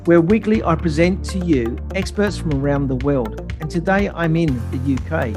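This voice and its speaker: Higher-voiced man hosting a podcast. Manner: scripted intro then chatty questions. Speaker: podcast host. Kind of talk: podcast interview.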